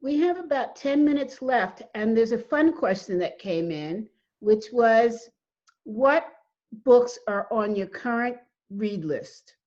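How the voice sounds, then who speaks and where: A woman's voice: a little high, expressive, takes it slowly, darkish tone, muffled recording. A woman moderating a panel Q&A over a video call, light in manner and reading out audience questions.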